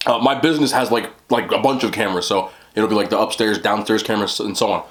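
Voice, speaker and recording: A man's voice: lowish voice, steady tone, fast, hardly any pauses, fairly bright tone. A man hosting an eating show, rambling casually with lots of "like" and "you know". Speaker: mukbang host. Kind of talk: casual chat while eating.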